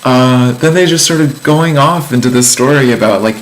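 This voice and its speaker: A vlogger gives a casual life update, telling a story with amusement in a chatty, wandering style full of ums and likes. His voice is medium-pitched at a normal speed, and the audio is poor.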